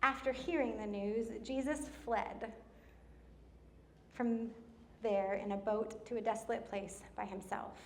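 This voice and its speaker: High-voiced woman preaching a sermon. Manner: animated storytelling with laughs and slowed emphasis. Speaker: pastor. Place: church.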